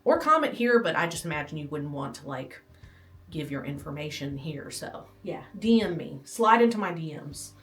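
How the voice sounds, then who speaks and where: A woman's voice: low-pitched, very animated, moderate pace, recorded from a distance. A pregnant young woman giving a casual, self-deprecating, rambling home tour, sometimes out of breath. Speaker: vlogger. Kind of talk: casual nursery tour vlog. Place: small nursery room at home. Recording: roomy, from off-mic, with faint music. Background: air conditioner hum and faint music.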